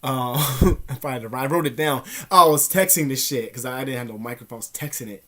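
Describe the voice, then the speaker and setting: A young man casually telling a story to his vlog audience, slangy and profane, animated, sometimes dropping to a whisper. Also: mid-range voice, fast. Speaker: vlogger.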